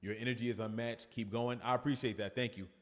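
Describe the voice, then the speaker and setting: A man's voice: mid-range voice, steady tone, quick pace, long reverb tail. A man with a New York accent, a fitness coach chatting casually on a livestream and reading viewer comments aloud.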